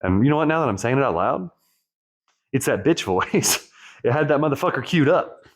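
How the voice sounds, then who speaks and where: A man's voice: medium pitch, animated, fast talker. A man hosting a channel for divorced men, talking through a personal story in a rambling, candid monologue laced with swearing. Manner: rambling, profane, self-reflective. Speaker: divorce coach and channel host.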